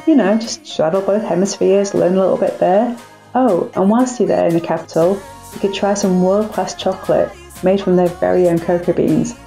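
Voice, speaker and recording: A woman's voice: on the low side, creaky, mellow, reverberant. A young woman vlogging about family travel, chatty and upbeat, with self-mocking asides. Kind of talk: family travel vlog narration.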